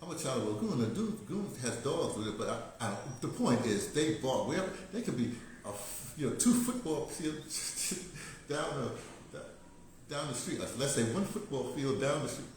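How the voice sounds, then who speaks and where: A man's voice: mid-range voice, big pitch swings, brisk, darkish tone, slight background noise. An older American man talking in a rambling, casual monologue, digressing and laughing often. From United States. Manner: digressive, laughing, many restarts. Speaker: vlogger. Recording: very echoey room.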